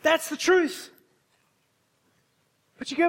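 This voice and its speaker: A man delivers a sermon with emphasis, often stopping to put questions to his congregation. His voice sits very high for a man. The long reverb of a large hall trails behind every phrase. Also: sing-song, a little slow, husky. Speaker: pastor.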